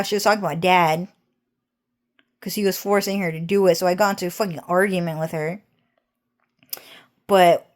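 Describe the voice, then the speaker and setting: A young woman rambles through a story at an unhurried, drawn-out pace. She repeats herself, circles back, swears often and laughs mid-sentence. Her voice sits at an ordinary middle pitch. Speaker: vlogger.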